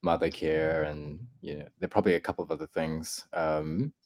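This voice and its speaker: A man's voice: a bass voice, steady tone, a little fast, darkish tone. A man hosting a casual podcast chat, laid-back and teasing as he steers the talk. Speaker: podcast host.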